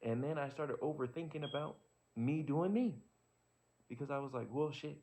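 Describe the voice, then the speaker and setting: A man's voice: a little high, moderate pace, darkish tone. A man in a casual reflective monologue, talking candidly and profanely and rambling as he works through his own thoughts. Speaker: vlogger. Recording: dull lo-fi sound.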